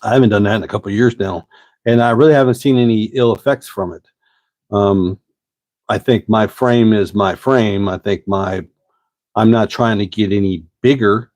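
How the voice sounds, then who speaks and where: Host in his fifties, folksy and rambling, low voice, dry close sound. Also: fairly even intonation, darkish tone, no room sound. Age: 50s. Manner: rambling, folksy, drawn-out pauses. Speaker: host answering live chat questions. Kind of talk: casual live-stream chat.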